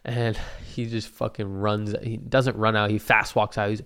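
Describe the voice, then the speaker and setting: A man's voice: lowish voice, flat delivery, normal speed, a bit bright, smooth. A young man telling a rambling, profane story in a casual monologue, often laughing at his own asides.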